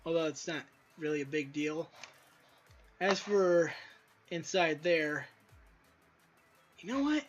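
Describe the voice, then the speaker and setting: A man with a high, light voice talks through gameplay in a loose, rambling way, tossing in crude asides as he goes. The audio is a bit dull and lo-fi, with faint music underneath. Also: animated, slow, pauses often. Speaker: indie game developer. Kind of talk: casual gameplay commentary.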